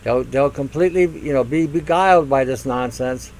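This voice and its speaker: A man's voice: medium pitch, normal speed, a little mellow, rough recording. An older man hosting a radio talk show, ranting in a mocking monologue and acting out silly voices. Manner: mocking, acts out silly voices, laughs at own jokes.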